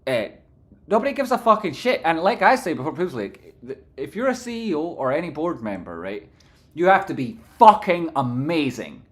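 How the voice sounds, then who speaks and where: A fairly high-voiced man talks through stock charts on a live stream. He rambles in a loose, profane way, reading chat messages aloud between his thoughts. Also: fairly quick. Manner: rambling, animated.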